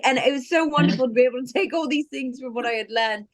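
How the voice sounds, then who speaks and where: A British actress telling stories in an animated, casual interview over a video call, acting out the voices she quotes. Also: high-pitched, fast, a crowd in the background.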